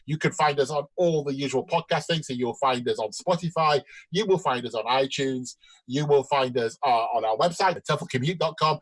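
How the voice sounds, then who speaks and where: A man's voice: medium pitch, brisk, no room sound, low-quality recording. A man co-hosting a podcast in casual chat, telling jokes and chuckling often. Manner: jokey, chuckles often while telling puns. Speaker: podcast co-host.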